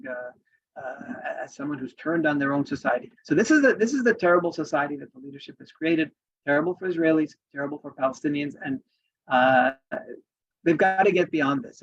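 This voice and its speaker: Gravelly earnest man, lo-fi sound. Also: on the high side. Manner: earnest, emphatic, with frequent restarts. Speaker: advocacy speaker. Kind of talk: spoken presentation reading quoted examples. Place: in Washington. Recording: dull lo-fi recording.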